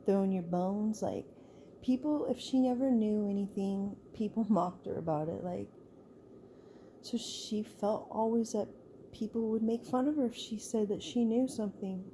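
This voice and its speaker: A woman's voice: medium pitch, moderate pace, dark tone, slight background noise. A woman telling a story in a loose, chatty way, full of "like" and restarts. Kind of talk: casual spoken storytelling.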